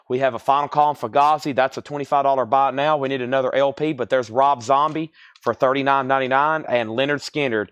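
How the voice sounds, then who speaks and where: A man runs a live record auction on a stream, reading off titles and repeating prices in a brisk patter. His voice sits at an ordinary middle pitch. The sound is dry and close, with no room echo. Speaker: live record sale host. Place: record store.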